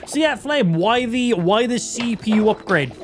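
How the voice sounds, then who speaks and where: A man's voice: extremely high pitch, expressive, normal speed, background noise. A man with an Irish accent doing casual, profane and mocking livestream commentary as he plays a game. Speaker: streamer.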